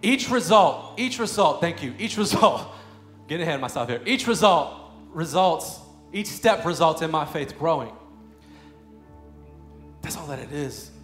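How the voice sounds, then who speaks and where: A high-voiced man in his thirties delivers a sermon, dropping to quiet storytelling and then rising into loud, fervent prayer. His voice rings in a roomy, echoing space, with faint music underneath. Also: animated, measured pace. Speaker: preacher. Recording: echoey room with faint music.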